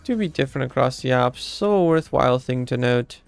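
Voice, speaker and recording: A man streaming and chatting casually, excitable and prone to squeaky high yelps. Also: normal speed, vocal fry, smooth, soft background music.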